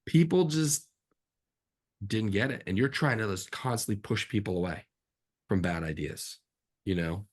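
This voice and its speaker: A man, a film director as guest, telling stories from his career in a casual, animated interview. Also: on the low side, moderate pace, pauses often. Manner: animated, acts out quotes in a raised voice.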